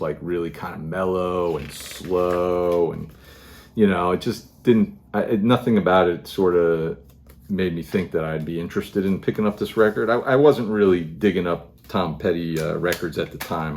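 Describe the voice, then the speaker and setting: A middle-aged man with a very low voice talks casually at home about the albums in front of him. He rambles, restarts his sentences and fills the gaps with ums and you-knows. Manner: rambling, many fillers and restarts. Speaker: record collector vlogger. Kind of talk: casual show-and-tell monologue.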